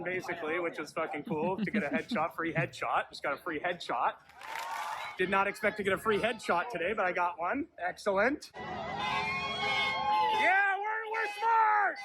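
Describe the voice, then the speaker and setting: A man doing an in-character street prank at an outdoor protest, awkward and deadpan, breaking into shouted chants. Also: high voice. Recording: noisy outdoor phone-camera audio.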